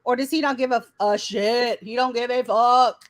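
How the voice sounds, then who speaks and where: A woman's voice: a little high, fairly even intonation, moderate pace, dry recording, poor audio. A woman hosting her channel, mocking a streamer in blunt, profane commentary. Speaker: channel host.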